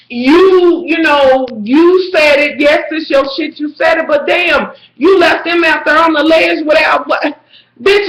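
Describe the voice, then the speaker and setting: A woman in a casual vlog, reviewing a reality show with sassy, profane, animated rants and frequent shouting. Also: high voice. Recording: echoey room.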